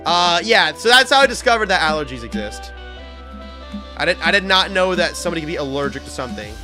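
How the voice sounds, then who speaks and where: A man chatting casually with his viewers during a live game stream, telling stories with sudden excited bursts. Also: fairly high pitch. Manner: excitable storyteller, talks to chat, loud bursts. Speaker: livestreamer. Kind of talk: casual live-stream chat while gaming.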